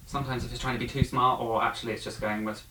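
A man talking casually and thoughtfully about a film, with frequent pauses and fillers. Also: medium pitch, little pitch movement, sharp tone, a little hiss or hum, low-quality recording. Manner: thoughtful, hesitant, many fillers.

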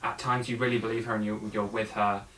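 A man talking casually and thoughtfully about a film, with frequent pauses and fillers. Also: on the low side, little pitch movement, sharp tone, a little hiss or hum, low-quality recording. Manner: thoughtful, hesitant, many fillers.

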